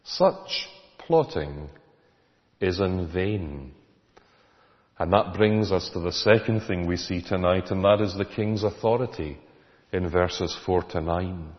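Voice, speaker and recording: A man's voice: low-pitched, fairly even intonation, moderate pace. A man preaching a sermon, emphatic and full of rhetorical questions to the congregation. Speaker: pastor. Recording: echoey hall, dull lo-fi sound.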